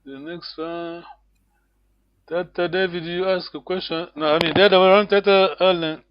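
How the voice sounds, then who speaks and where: A man's voice: high-pitched, fairly even intonation, normal speed, smooth, no room sound, highs cut off. A man teaching an online language lesson, patiently repeating phrases for his students to copy.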